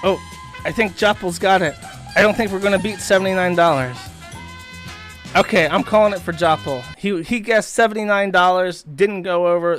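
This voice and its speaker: A man's voice: sits high, normal speed, a bit bright, no room sound, soft background music. Profane mocking man ranting on stream. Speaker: streamer host. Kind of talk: live-stream commentary.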